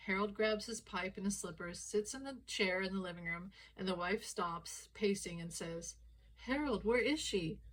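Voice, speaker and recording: A woman delivers casual political commentary straight to her audience. She tells her stories with lively energy and slips into short acted voices for the people she quotes. Her speaking pitch sits in an ordinary middle range. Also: normal speed, hardly any pauses, low-quality recording. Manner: animated storyteller, acts out quoted dialogue.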